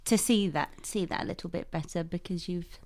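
A woman chatting casually as a podcast co-host, mostly agreeing and adding soft reflections. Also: on the low side, fairly quick. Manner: agreeable, prone to soft backchannel replies. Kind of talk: casual chat.

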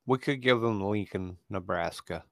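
A man's voice: on the low side, normal speed, a bit bright, no echo. A man in casual podcast chat, joking in a laid-back way.

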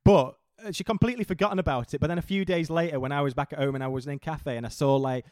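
A man's voice: on the high side, very fast, darkish tone, no room sound, studio quality. A man, co-hosting a casual chat, flustered and stammering as he tells a story. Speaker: podcast co-host.

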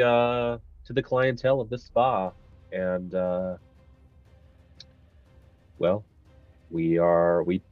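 A man's voice: low voice, dry recording, highs cut off. A man playing a tabletop game, speaking in character in a rambling, hesitant way. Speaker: player.

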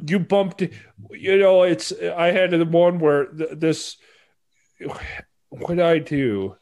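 A man with a somewhat higher voice argues his point in relaxed podcast talk. He works his thoughts out as he speaks and often restarts his sentences. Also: slow. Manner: opinionated, thinks aloud, restarts. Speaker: podcast co-host. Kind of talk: casual chat.

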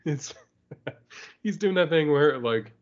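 A man's voice: on the high side, expressive, slow pace, lo-fi sound. A man co-hosting a podcast, casually recapping a comic book with frequent laughter and acted-out lines. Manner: laughs often while recapping, acts out lines. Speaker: podcast co-host.

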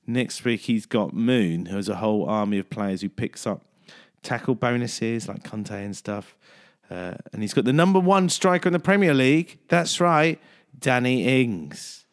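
A man hosting a casual radio sports chat, jokey and upbeat. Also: normal speed. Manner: jokey, upbeat, lively swings in pitch. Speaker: host.

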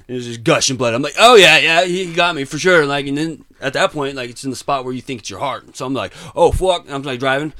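Young guy rattling off a story quick, lots of dude and bro, swears a lot. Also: medium pitch, a bit bright. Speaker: podcast guest telling his story. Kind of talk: casual storytelling chat.

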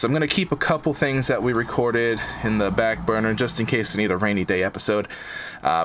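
This podcast host has a fairly low but fairly bright voice, with a little background noise behind him. He rambles through a casual chat, full of fillers and restarts.

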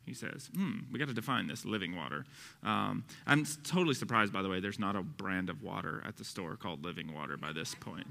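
A man's voice: medium pitch, expressive, brisk, vocal fry, pushed and bright. Man preaching in an echoing hall. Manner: conversational, joking asides. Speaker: pastor. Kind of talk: sermon. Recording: long hall reverb.

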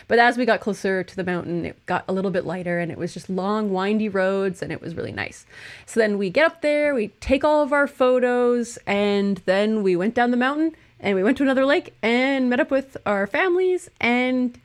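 A young woman tells a long story in a loose, conversational way, laughing often as she goes. Her voice carries a slight hoarseness from a lingering cold. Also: on the high side, lively intonation, moderate pace. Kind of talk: casual chat.

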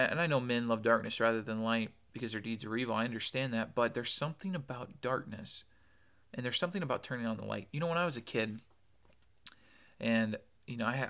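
A man preaching an earnest podcast sermon, with a gravelly edge of vocal fry and a pitch in the middle of the male range. He quotes scripture often and stresses his points by repeating words. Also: sharp tone.

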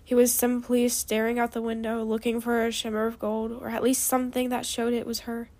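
Woman reading a story, halting delivery. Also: a little high, monotone, darkish tone. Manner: halting, with small restarts. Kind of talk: reading a fan story aloud.

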